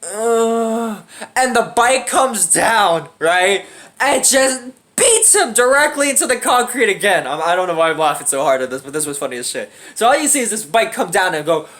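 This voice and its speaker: A man's voice: high-pitched, sing-song, fairly quick, a bit bright. A young man telling a funny story in a casual, slangy, profane way, often laughing. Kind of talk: casual anecdote.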